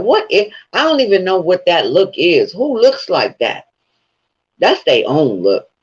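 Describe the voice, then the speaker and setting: A man talking casually to his viewers, telling rambling, profane stories and laughing along the way. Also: on the high side. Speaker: vlogger. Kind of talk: casual commentary. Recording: dull lo-fi sound.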